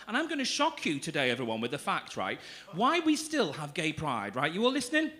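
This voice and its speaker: A young man works a comedy club crowd with camp, teasing cheek. His voice sits high and swoops lively over wide pitch, with a bright, forceful edge. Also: brisk. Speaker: stand-up comedian. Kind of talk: stand-up comedy with crowd work. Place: comedy club stage before a live audience.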